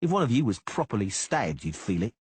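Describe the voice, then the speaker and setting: A man reading an audiobook, voicing a swaggering male mercenary who mocks and menaces in a husky, taunting voice. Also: on the low side, very animated, brisk, darkish tone, no echo, heavily acted. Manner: taunting, sneering.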